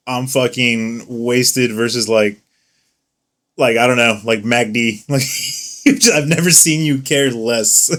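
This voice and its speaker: A young man in a loose co-host chat, laughing often and swearing as he tells stories. He is tipsy from beer and voices the people in his anecdotes. His pitch sits in a plain middle range. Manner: laughing, swearing, animated retelling. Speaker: podcast co-host. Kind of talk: casual chat.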